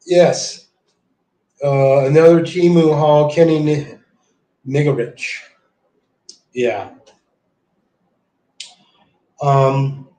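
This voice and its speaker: A man's voice: a little high, a little mellow. A man streaming live, chatting casually and telling stories in a rambling, profane way. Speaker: livestreamer. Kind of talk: casual livestream chat. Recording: echoey room.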